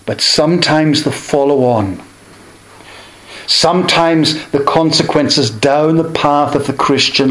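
A man preaching a sermon in a slow, measured way, pausing between short phrases. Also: medium pitch, a bit bright, echoey room, poor audio.

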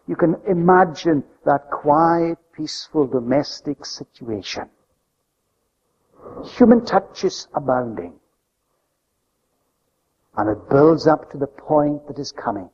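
A man preaching a sermon with an emphatic delivery that swings between loud, high stresses and soft, low drops. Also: expressive, a little slow, long pauses, husky. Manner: emphatic, rising and falling delivery. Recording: lo-fi recording with long hall reverb.

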